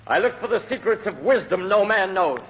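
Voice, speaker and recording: Cold scholar bent on forbidden wisdom, high intense voice, old radio play, loud crackle and hiss. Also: male voice, lively intonation, fairly quick, highs cut off. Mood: eager. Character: young male scholar bargaining with dark powers, obsessive, cold. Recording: crackly, noisy vintage radio recording.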